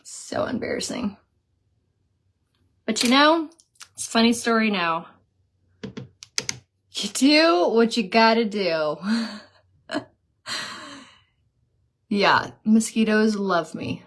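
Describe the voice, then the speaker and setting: A woman's voice: fairly high pitch, animated, slow, long pauses. A woman chatting casually during a live makeup stream, reading viewer comments aloud and telling stories. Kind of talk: casual live chat while doing makeup.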